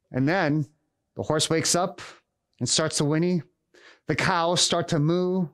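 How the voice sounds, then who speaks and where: A middle-aged man preaches a Christmas Eve sermon in a storytelling way. His voice sits somewhat high for a man. Now and then he acts out the characters in his stories. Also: fairly even intonation, a little slow, pauses often, fairly bright tone. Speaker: pastor.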